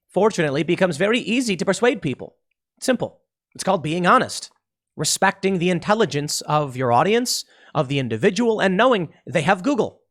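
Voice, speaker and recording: A podcast host gives a political commentary monologue, speaking emphatically, repeating himself, and frequently restarting his sentences. His voice is slightly higher than the typical man's and fairly bright in tone.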